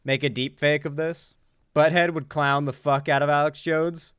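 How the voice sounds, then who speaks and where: A sarcastic male commentator riffs casually on online replies with a mocking edge. His voice is smooth and resonant, slightly high for a man, and sits close and dry on the mic. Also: little pitch movement, normal speed, a bit bright, no room sound. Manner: sarcastic, mocking, laughs often. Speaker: political commentary streamer.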